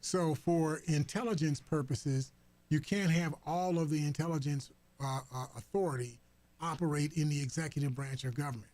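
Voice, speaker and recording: Guy on talk radio going over the news, kinda high voice, lots of uh's and restarts, dead dry studio sound. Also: darkish tone, no room sound. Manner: halting, many fillers and restarts. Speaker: radio host. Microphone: studio microphone.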